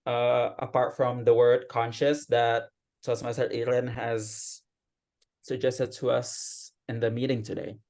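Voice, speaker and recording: A man giving a patient, explanatory grammar report as club grammarian at an online meeting, speaking over a video call. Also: mid-range voice. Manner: patient explaining, steady teacherly tone.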